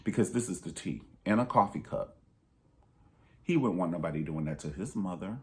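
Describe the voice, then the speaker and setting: Deep-voiced man giving blunt advice. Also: animated, normal speed, darkish tone. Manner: emphatic, preachy, direct advice to viewers; pitch jumps high for emphasis. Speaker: vlogger. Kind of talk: candid personal vlog monologue.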